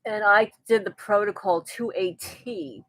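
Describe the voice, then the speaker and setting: A woman hosting a relaxed live stream, reading out viewer comments and replying in an easygoing, conversational way. Her voice sits at an ordinary middle pitch. The sound is close and dry, with no room echo. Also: measured pace. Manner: reads viewer comments aloud and answers them conversationally; chatty, with frequent restarts and light laughter. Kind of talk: casual live-stream chat.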